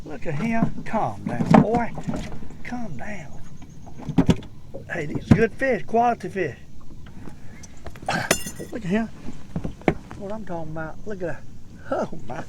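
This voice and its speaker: An older man with a Southern US accent giving excited, folksy commentary while fishing from a boat. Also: sits high, slow pace, long pauses, heavy background noise. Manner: excitable, folksy, talks to himself and viewers. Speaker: fishing vlogger. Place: outdoors on a boat on a lake.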